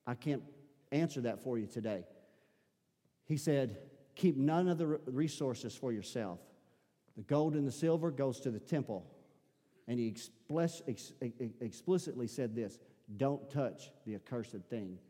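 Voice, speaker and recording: Man, preacher, mellow tone, long hall echo, dramatic storytelling. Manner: storytelling, swings between loud emphasis and hushed low tones. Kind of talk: sermon. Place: church sanctuary.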